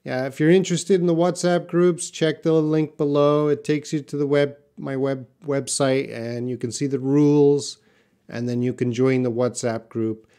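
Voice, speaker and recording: A middle-aged man hosting a live English lesson, reading chat comments aloud and modelling words slowly. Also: medium pitch, fairly even intonation, mellow, clean tone.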